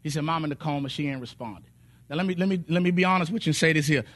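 A man's voice: a little high, very fast. A man preaching a sermon, telling testimonies with acted quotes and sung phrases. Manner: animated storytelling, voices quotes, sings some phrases.

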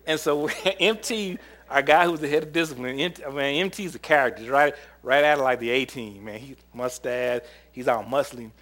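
A man preaching a sermon, telling camp stories in an animated way, often laughing and acting out what people said. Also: medium pitch, moderate pace, few pauses. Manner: animated storyteller, laughs often, acts out quotes. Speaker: preacher and former camp counselor.

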